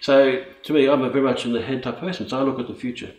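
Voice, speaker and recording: A man's voice: mid-range voice, fairly even intonation, racing, a little mellow. A man with an Australian accent, a guest in a casual podcast interview, talking eagerly and rambling in bursts. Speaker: guest, co-founder of a coaching business. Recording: echoey room.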